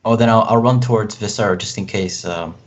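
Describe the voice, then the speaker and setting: Brief: lowish male player, halting, explains rules, on dull lo-fi voice chat. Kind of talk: tabletop game play.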